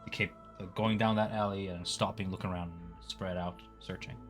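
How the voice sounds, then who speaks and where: Deep-voiced man running a tabletop game. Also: fairly quick, over music. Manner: relaxed, filler-heavy narration. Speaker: game master.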